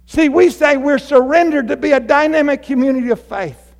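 A male pastor delivers an animated sermon from the pulpit, his voice pitched high. He swings from quiet asides to fired-up shouting. The sound carries a long reverb from the church hall. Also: fairly quick, creaky. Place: church sanctuary.

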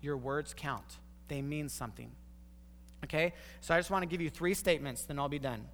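Male pastor, slightly higher voice, sermon delivery in a long-reverb hall. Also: fairly quick, a bit bright, a little hiss or hum. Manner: storytelling with quoted voices, emphatic repeated points.

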